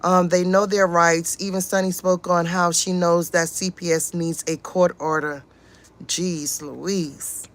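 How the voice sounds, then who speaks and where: A woman's voice: lowish voice, flat delivery, measured pace. A woman hosting a casual livestream, reading chat comments aloud and giving outspoken, exasperated commentary with frequent swearing.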